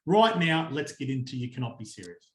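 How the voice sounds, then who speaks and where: An Australian man co-hosting a podcast, chatting and joking in casual banter, quick to laugh. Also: mid-range voice, very animated, very noisy. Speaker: podcast co-host. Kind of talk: casual banter about horse racing. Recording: roomy echo.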